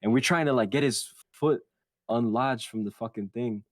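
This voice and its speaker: A man's voice: mid-range voice, normal speed, no echo. A young man co-hosting a podcast, telling a childhood story in casual, profane chat and acting out other people's lines. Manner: animated and profane, quotes others in put-on voices. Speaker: podcast co-host.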